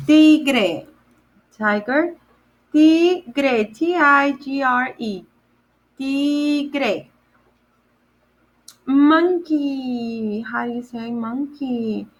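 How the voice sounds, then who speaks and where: A day camp Spanish teacher leads a children's vocabulary lesson in a high, fairly bright, husky voice, captured on a rough recording. She says each word slowly and repeats it, then spells it out letter by letter.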